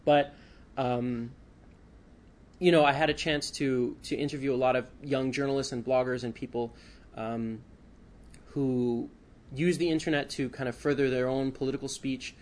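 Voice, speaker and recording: A man's voice: medium pitch, steady tone, normal speed. A male author speaking at a book talk, hesitant with many fillers, then reading a passage from his book.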